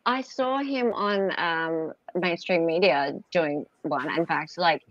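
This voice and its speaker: A woman's voice: on the low side, slow, fairly bright tone, dry recording, dull audio. A woman from Australia hosting a casual live legal-commentary stream, talking with many fillers and restarts.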